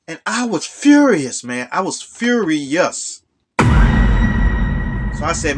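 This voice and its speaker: A man telling a true story in a casual way. He repeats words and jumps up high when he gets indignant. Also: very animated, slow, long pauses, background noise.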